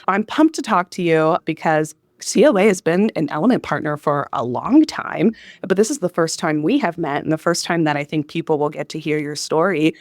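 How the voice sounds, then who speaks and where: A woman's voice: deep voice, expressive, moderate pace, no echo, studio quality. A woman with a Northern US accent hosting a live podcast interview at a conference, upbeat and chatty with self-deprecating asides. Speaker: podcast host. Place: conference venue.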